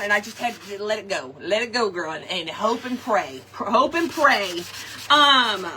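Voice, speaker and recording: Chatty bright-voiced woman. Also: on the high side, a little hiss or hum. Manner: chatty, animated, keeps saying "okay" and "y'all". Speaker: craft shop host. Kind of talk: casual storytelling to viewers.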